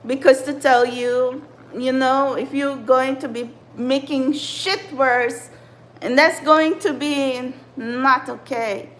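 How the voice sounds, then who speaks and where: A woman's voice: sits high, fairly even intonation, takes it slowly, rough recording. A woman who channels spiritual messages, venting in an agitated, profane, rambling rant to her viewers. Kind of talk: angry spiritual vlog rant.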